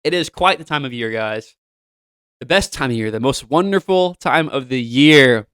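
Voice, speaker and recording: Young guy doing his sports show, super hyped fan energy, smooth clear voice, dry close mic. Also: medium pitch, moderate pace, no room sound. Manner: animated, hyped fan delivery with frequent asides to listeners. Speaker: show host. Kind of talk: solo sports podcast talk.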